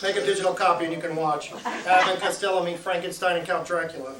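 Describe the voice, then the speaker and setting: A man from Nebraska telling a comic travel story at a live show, animated and acting out his own shouting in quoted bits. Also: sits high, fast, over loud music. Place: live show venue with audience. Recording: echoey room, mic at a distance, noisy.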